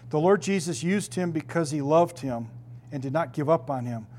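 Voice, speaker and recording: A middle-aged male pastor preaches a sermon in a slightly raised voice, somewhat high and a little mellow, with lively intonation and a moderate pace. He presses hard on key words and drags them out for effect, earnest and emphatic throughout. There is slight background noise.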